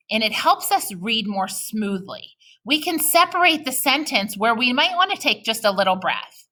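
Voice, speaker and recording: Speaking in a mid-range voice that sounds pushed and bright, a woman teacher records a reading lesson for young children. She is patient and encouraging, slowing her delivery sharply to model sentences.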